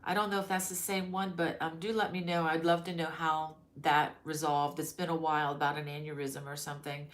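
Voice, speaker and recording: A woman's voice: low voice, flat delivery, a little fast, few pauses. A middle-aged woman hosting a crochet live stream, chatting casually and greeting viewers by name with many ums. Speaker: crochet channel host. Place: her mother-in-law's home.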